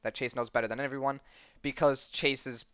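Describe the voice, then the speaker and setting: Rambling young man with a smooth voice. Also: mid-range voice, steady tone, normal speed, a bit bright, dry recording. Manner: rambling and enthusiastic, frequent ums and restarts, slangy. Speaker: podcast host. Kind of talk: casual comic book recap. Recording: dull lo-fi sound, dry.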